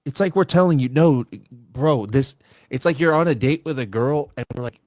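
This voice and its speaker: A man on a casual livestream chat, animated and profane, mocking others with mimicked quotes. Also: medium pitch, normal speed, dry recording, clean studio sound.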